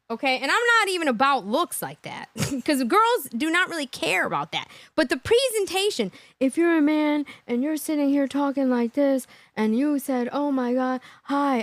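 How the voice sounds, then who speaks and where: Animated high-voiced woman hosting a livestream. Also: no echo. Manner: animated, laughs often, talks to chat. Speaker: livestream host. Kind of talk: reaction livestream commentary.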